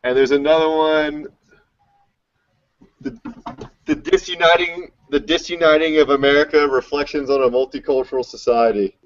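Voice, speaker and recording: A man joining a panel discussion as a guest, talking in a relaxed, casual way. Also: fairly high pitch, moderate pace, pauses often. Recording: lo-fi web call audio.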